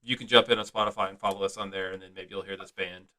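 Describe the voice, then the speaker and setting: A man's voice: deep voice, fairly even intonation, fast, bright, forceful tone. A man co-hosting a casual podcast, teasing his co-host and laughing often, with a slight Southern twang. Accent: slight American Southern twang.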